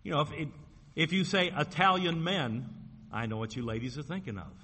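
Preacher in an echoing sanctuary. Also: male voice, fairly high pitch, pushed and bright. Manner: folksy preaching, slows and drops for scripture quotes. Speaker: pastor. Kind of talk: sermon. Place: church sanctuary. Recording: long hall reverb, faint room noise.

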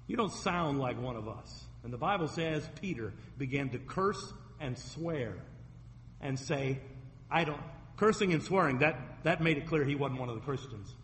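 A man's voice: mid-range voice, lively intonation, normal speed, a bit bright, in a large hall, slight background noise. A man preaching a sermon as a pastor, retelling scripture stories vividly and acting out the quoted voices.

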